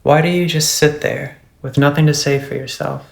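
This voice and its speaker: A man voicing a menacing, suspicious old witch who growls her threats in a low, hushed voice. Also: steady tone, moderate pace, vocal fry, reverberant.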